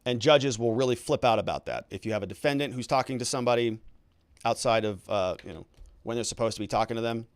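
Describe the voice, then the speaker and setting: A man's voice: mid-range voice, fast talker, clear, resonant tone, no echo. A man, an attorney host, giving conversational legal commentary and explaining things with filler words.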